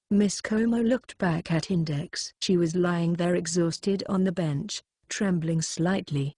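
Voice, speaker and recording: A woman reading a light novel audiobook aloud in a steady, even narration. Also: on the low side, no room sound, clean studio sound. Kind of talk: scripted narration.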